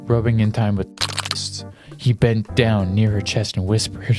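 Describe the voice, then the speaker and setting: Slow, flustered man reading fanfiction aloud. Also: on the low side, little pitch movement, darkish tone, soft background music. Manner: amused, flustered asides. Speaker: reader.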